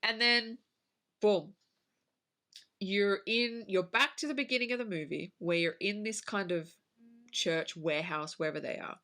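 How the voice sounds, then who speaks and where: A woman's voice: mid-range voice, a little slow, sharp tone. A woman co-hosting a podcast, chatting casually about a film, swearing and acting out her own reactions. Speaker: podcast co-host. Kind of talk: casual film review chat.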